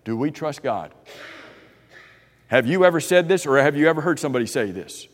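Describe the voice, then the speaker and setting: A man's voice: fairly high pitch, expressive, fast, long pauses. A man preaching a sermon, posing questions to his listeners and acting out the voices of doubters with emphasis. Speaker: pastor. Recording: long hall reverb.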